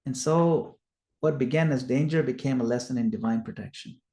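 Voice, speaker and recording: Male scripture teacher, mid pitch, lively storytelling, roomy sound. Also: moderate pace. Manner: animated retelling, acts out quoted lines loudly. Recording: echoey room.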